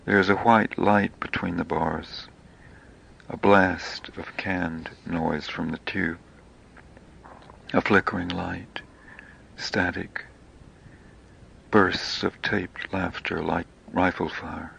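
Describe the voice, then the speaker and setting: A man reading his own poetic memoir in slow, hushed, half-whispered phrases. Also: low-pitched, flat delivery, creaky, breathy edge.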